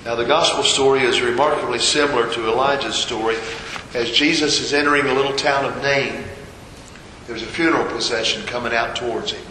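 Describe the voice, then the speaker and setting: A man's voice: mid-range voice, steady tone, a little fast, sharp tone, reverberant, in a large hall, a little hiss or hum, low-quality recording. A man preaching a sermon, retelling a scripture story and repeating rhetorical questions. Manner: storytelling, voices the figures' quoted lines, rhetorical questions.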